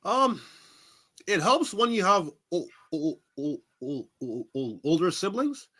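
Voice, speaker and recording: Speaking slowly in a high-pitched voice, a wrestler from New York City guests on a relaxed interview. He tells his stories with plenty of energy, mimicking whoever he's quoting and breaking into frequent laughter.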